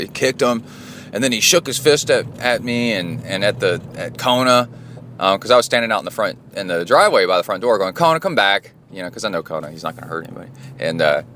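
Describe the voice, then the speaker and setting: Low voiced guy rambling on his podcast from the car, lots of ums, bit of road hum. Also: fairly bright tone. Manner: rambling storytelling with many fillers and restarts. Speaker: podcast host. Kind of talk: casual solo monologue while driving.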